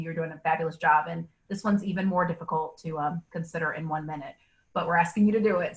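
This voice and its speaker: A woman's voice: mid-range voice, a bit bright, rough recording. A woman moderating a candidate forum, posing questions carefully and encouraging the candidates.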